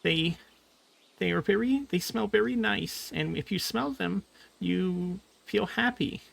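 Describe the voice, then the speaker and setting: A man voicing a shy, foot-tall male creature who stammers softly. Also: high voice, measured pace, creaky, voice pushed up, heavily acted. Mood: timid, sweet. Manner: timid, stammering.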